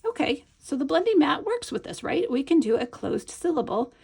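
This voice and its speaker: A woman's voice: sits high, big pitch swings, moderate pace, creaky, a little mellow. A woman teaching a hands-on reading lesson, patient and encouraging, often checking in with the viewer. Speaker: Montessori teacher. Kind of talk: instructional demonstration.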